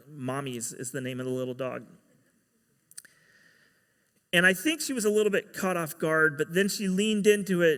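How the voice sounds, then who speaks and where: A man's voice: fairly high pitch, fairly bright tone, in a large hall. A man giving a sermon as pastor, telling a story and acting out the quoted dialogue.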